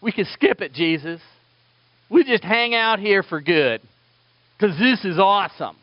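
Preacher puts on a high-pitched, overeager male disciple who blurts things out, dull dry sound. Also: expressive, a little slow, no room sound. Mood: excited. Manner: eager, gushing, high-pitched.

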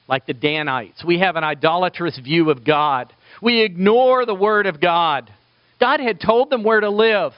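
A man preaching a sermon as pastor, animated and acting out quoted voices. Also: on the high side, no room sound, dull audio.

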